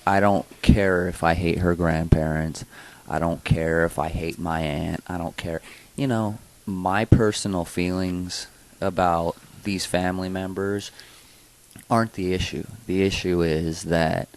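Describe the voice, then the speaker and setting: A man's voice: low-pitched, fairly even intonation, measured pace, poor audio. A man co-hosting a comedy podcast, telling a personal story in a rambling, hesitant way with lots of fillers. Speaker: podcast co-host. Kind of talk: casual storytelling chat.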